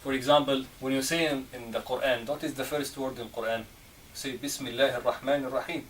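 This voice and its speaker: Male teacher, slow and patient, heard from a distance over faint background hum. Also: mid-range voice, steady tone, a bit bright. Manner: slow and patient, checking understanding with "okay?" and "right?". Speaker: Arabic teacher. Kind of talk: classroom lesson on Arabic letters. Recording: distant mic, faint room noise.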